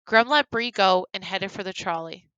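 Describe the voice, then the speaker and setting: A woman reading her own horror story aloud, turning hushed and grave in the dark passages. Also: medium pitch, normal speed, clean tone, no room sound, dull audio. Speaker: horror story writer and reader.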